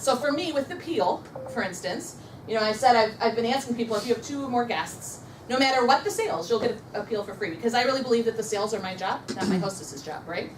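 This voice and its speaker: A brisk, upbeat woman running a motivational sales training and getting the room to repeat affirmations after her. Her voice sits a little high. She is recorded from a distance in a roomy, echoey space. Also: a little hiss or hum. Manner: upbeat, coaching, leads the audience in repeating affirmations. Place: meeting room with a live audience.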